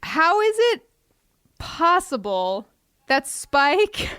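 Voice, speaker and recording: A woman's voice: high voice, very animated, extremely slow, bright, forceful tone, dry recording, studio quality. A woman co-hosting a podcast in casual chat, with a wry, questioning delivery, recorded over a video call. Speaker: podcast co-host.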